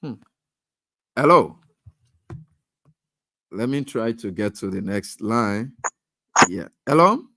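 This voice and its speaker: A man's voice: on the low side, big pitch swings, takes it slowly, pauses often, sharp tone, dry recording, clean studio sound. A man hosting a radio call-in show, friendly as he takes callers and speaks up on issues.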